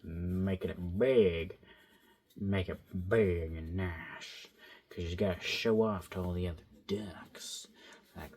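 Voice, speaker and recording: A man's voice: deep voice, takes it slowly, a little mellow. Young man rambling while drawing. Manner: rambling, self-talking, playful. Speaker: vlogger drawing. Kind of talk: casual drawing commentary. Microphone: phone.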